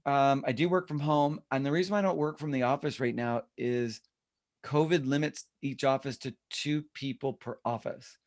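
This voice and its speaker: A man's voice: medium pitch, fairly even intonation, normal speed, dry recording, clean studio sound. Guy rambling on a video call from his home office, teaching a class, pretty loose and self-deprecating. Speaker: real estate trainer. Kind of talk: casual online class.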